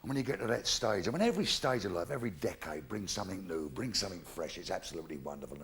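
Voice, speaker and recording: A man's voice: sits low, expressive, rapid-fire, a bit bright, slight background noise. An older man doing stand-up comedy, blunt and full of swearing, acting out the voices in his jokes. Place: theatre stage before a live audience.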